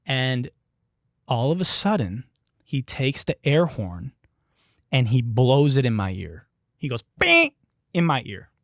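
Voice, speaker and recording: A man's voice: mid-range voice, lively intonation, unhurried, pauses often, no echo, studio quality. A man from Detroit hosting a podcast, telling a story in a profane, emphatic way. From Detroit, United States. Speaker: podcast host. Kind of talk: comedic storytelling.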